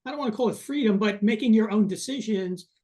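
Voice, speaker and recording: A man's voice: high-pitched, fast talker, mellow. A man hosting an interview, casually affirming the guest and summing up his points. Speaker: host.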